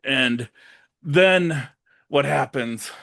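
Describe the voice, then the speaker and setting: A man's voice: mid-range voice, drawn-out words, creaky, fairly bright tone. A young man co-hosting a casual podcast, animatedly retelling scenes and acting out characters' lines with plenty of swearing. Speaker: podcast co-host. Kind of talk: casual movie recap chat.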